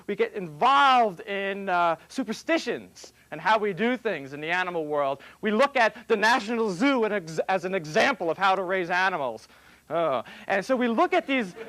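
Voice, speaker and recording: Older male vet, folksy convention speaker, slightly high voice, jokey and animated. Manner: folksy, joking, animated storyteller. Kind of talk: conference talk with told jokes. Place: convention hall.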